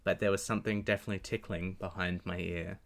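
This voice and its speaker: A man's voice: low voice, little pitch movement, fast talker, creaky. A man co-hosting a podcast, recounting a strange experience in earnest detail. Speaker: podcast co-host. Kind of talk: casual chat.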